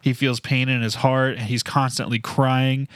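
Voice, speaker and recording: A man co-hosting a casual Bible discussion podcast, presenting fun facts in a relaxed, explanatory way. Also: mid-range voice, moderate pace, smooth, dry recording, clean studio sound. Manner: relaxed, explanatory, a few filler restarts.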